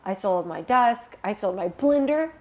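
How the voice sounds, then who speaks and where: A young woman guest telling a personal story in a candid interview, animated and emotional, laughing at times. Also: medium pitch, measured pace, a little hiss or hum.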